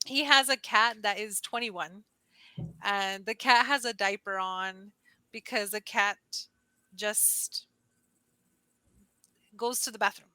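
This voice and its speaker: Bright chatty woman tutor on a video call, says like a lot, squeals out quotes, dry close sound. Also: slow pace, long pauses, no room sound, rough recording. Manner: animated storyteller, acts out quotes in high squeals; heavy use of "like" as filler. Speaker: online English tutor. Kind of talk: casual conversation lesson.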